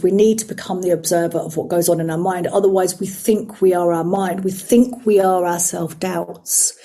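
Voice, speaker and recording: A middle-aged woman, a psychotherapist and life coach, talking earnestly and slowing down to stress her words. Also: lowish voice, mellow. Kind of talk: reflective coaching talk.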